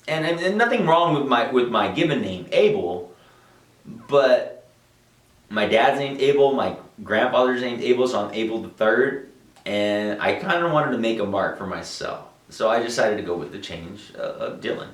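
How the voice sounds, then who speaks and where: Young man, deep voice, animated storyteller; roomy, distant mic. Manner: animated storyteller, acts out quotes, frequent restarts. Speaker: musician interviewee. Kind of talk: storytelling interview answers.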